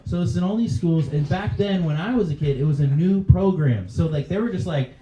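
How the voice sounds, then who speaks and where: A male comedian working a club crowd, breaking into laughter at his own lines and talking straight to people in the seats. His voice is mellow and sits a bit high for a man. The sound is roomy and dull, with faint noise behind it. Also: animated, moderate pace, few pauses. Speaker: stand-up comedian. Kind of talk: stand-up comedy set. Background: faint audience laughter.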